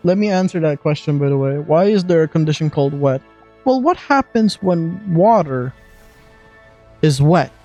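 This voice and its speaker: A streamer doing casual live gaming commentary, reacting loudly and swearing while playing. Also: mid-range voice, animated, normal speed, dull audio, soft background music.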